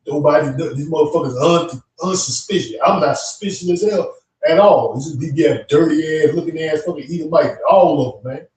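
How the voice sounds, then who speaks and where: A man's voice: fairly high pitch, a little fast, a little mellow, far from the mic. A man co-hosting a religious stream, ranting heatedly with constant profanity. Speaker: co-host. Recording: echoey room, away from the mic.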